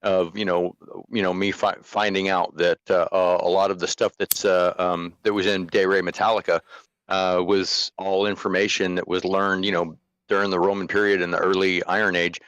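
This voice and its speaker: Deep-voiced man, rambling stammer. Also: little pitch movement, normal speed, fairly bright tone, clear, resonant tone, no echo, muffled recording. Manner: rambling, stammering, repeats words. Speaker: podcast co-host. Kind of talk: casual livestream chat.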